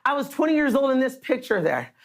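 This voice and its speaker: A man from the Los Angeles area giving an earnest, energetic motivational stage speech and talking straight to the crowd. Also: extremely high pitch, quick pace. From Los Angeles area, USA. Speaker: motivational speaker.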